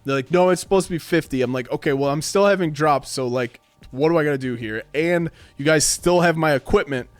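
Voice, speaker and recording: In his home streaming room, a man in his thirties rants casually to his stream chat in a slightly high voice, speaking briskly with no echo. He's animated, swears a lot and acts out the voices of people he quotes.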